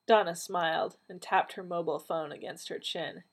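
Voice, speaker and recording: A woman's voice: moderate pace, hardly any pauses, breathy edge. Woman narrating a story aloud. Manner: lively, acts out dialogue with raised pitch. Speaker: reader of fan fiction. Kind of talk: storybook narration with character voices.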